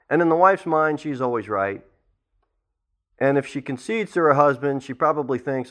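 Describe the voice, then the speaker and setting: Middle-aged male pastor, animated sermon delivery, slightly high, bright tone. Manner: animated preacher acting out quoted people. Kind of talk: verse-by-verse sermon.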